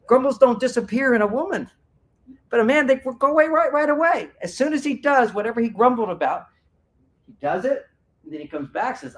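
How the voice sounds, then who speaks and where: Older guy therapist giving a talk, lively, swings way up in pitch doing other people's voices. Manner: animated, acts out quoted voices with big pitch jumps. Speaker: speaker at a spiritual fair. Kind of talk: lecture to an audience.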